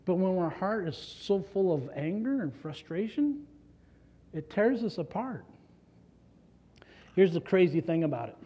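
A man's voice: high voice, expressive, measured pace, pauses often, mellow, slightly rough. A man preaching a conversational sermon as a pastor, earnestly putting rhetorical questions to the congregation. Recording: dull lo-fi recording.

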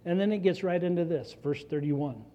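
A man's voice: on the high side, moderate pace, dark tone. A man preaching a conversational sermon as a pastor, earnestly putting rhetorical questions to the congregation. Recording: dull lo-fi recording.

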